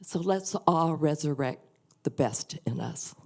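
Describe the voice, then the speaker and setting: An older woman giving an earnest, heartfelt personal testimony in a church service, speaking softly and confidingly. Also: deep voice, expressive, measured pace, vocal fry. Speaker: church member sharing a testimony. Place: church sanctuary.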